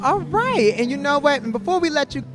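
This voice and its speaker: A man with a high voice hosts a livestream from an outdoor event, introducing guests with theatrical flourish. Music plays strongly behind him. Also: expressive, fairly quick. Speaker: event host and interviewer.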